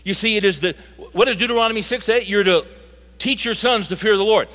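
High, bright-voiced male preacher. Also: a little fast. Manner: animated, builds to emphatic peaks. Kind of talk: sermon. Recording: live talk in a reverberant hall.

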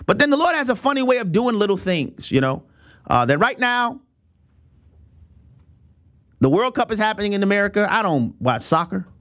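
A man hosting a talk show, giving opinionated commentary in an animated way, dropping his voice low for asides and laughing often. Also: moderate pace, long pauses.

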